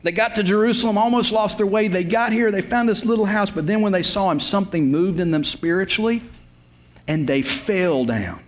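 A man's voice: high voice, fairly quick. A man, preaching a sermon as a pastor. He tells the story in an emphatic, repetitive way with folksy humor. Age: 50s.

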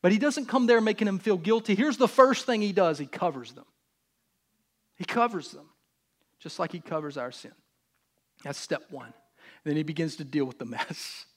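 A man preaching a sermon in a relaxed, conversational way. His voice sits somewhat high. He moves from loud, emphatic bursts to quiet, near-whispered asides and slips into casual voices for the people in his stories. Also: normal speed, long pauses. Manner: acts out God and others in casual voices. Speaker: pastor.

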